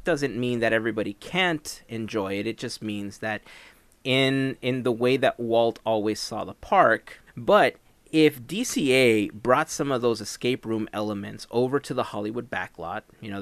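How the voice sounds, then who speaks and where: Excitable man chatting on a podcast. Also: on the low side, no echo. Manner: excitable, storytelling with dramatic build-ups. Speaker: podcast host. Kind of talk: casual podcast chat.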